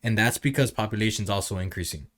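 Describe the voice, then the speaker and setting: A man's voice: on the low side, quick pace, a bit bright. A man hosting a casual podcast, talking conversationally and posing rhetorical questions. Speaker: podcast host.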